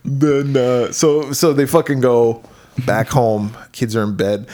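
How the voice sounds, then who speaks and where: A man's voice: medium pitch, takes it slowly. A man co-hosting a podcast, casually retelling a horror film with lots of swearing and acted-out character lines. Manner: profane, animated, acts out the characters' lines. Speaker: podcast co-host. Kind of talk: casual chat recapping a movie.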